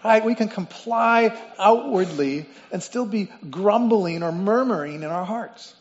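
High-voiced man preaching in a hall. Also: animated, measured pace. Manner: explains word meanings, repeats phrases for emphasis. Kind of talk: sermon. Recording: dull lo-fi sound with long reverb in a hall.

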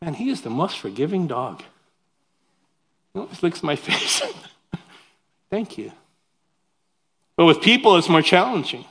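Animated higher-voiced male preacher. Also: measured pace, pauses often. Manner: animated, conversational preaching with asides to the congregation. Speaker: pastor. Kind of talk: sermon.

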